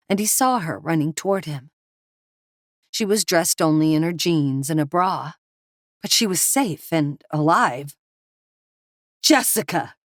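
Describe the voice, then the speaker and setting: A woman narrating a thriller audiobook with steady, dramatic storytelling. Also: sits low, dry recording, studio quality. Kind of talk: scripted narration.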